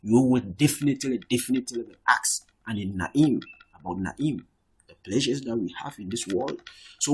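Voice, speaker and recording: Um professor de árabe numa aula online, que explica com paciência, repete as palavras e diz "okay" com frequência. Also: male voice, medium pitch, normal speed, a little mellow, slightly rough. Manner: explains patiently, repeats words, says "okay" often. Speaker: Arabic teacher. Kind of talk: online language lesson.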